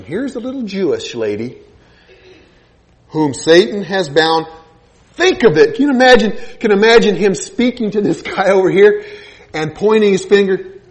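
A male preacher delivers a sermon in a high voice. His pitch swings widely as he tells a Bible story like a scene, voicing each character in turn. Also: normal speed. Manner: animated storytelling, acting out biblical scenes with quoted voices.

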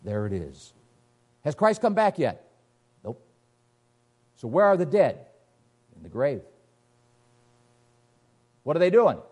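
A man's voice: very animated, slow pace, pauses often, darkish tone, husky. A man preaching a sermon, emphatic, firing rhetorical questions and reading scripture aloud. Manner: emphatic, rhetorical questions, sweeping pitch swings.

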